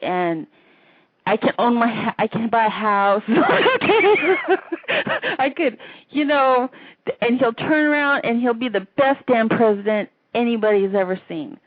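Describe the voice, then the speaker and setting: A woman's voice: on the high side, moderate pace. A woman hosting an internet call-in radio show, ranting emotionally and rambling, laughing often between thoughts. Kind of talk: casual call-in show rant. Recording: tinny phone-like line.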